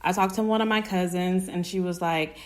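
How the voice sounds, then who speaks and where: Animated woman telling her story. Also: lowish voice, fairly quick. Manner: animated, emphatic, keeps asking "right?". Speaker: small business owner. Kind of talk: personal storytelling to camera.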